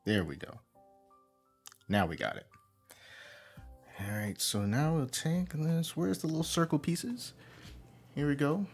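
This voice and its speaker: A man's voice: on the high side, expressive, husky, soft background music. A man hosting a casual livestream, thinking aloud and humming to himself as he works on a model kit. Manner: unhurried, thinks aloud, hums to himself while working. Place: indoor home room.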